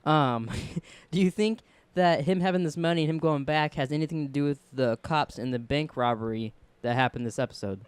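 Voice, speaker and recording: A man's voice: on the high side, a little fast, hardly any pauses, clear, resonant tone, no echo. A man co-hosting a casual podcast, chatting in a rambling, jokey way. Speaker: podcast co-host. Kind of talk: casual chat.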